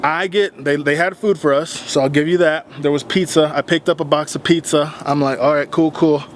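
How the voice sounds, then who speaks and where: Young male vlogger, slightly high voice, animated and heated storyteller, faint background hiss. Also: brisk. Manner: animated, retells arguments with rising heat. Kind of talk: casual storytelling vlog.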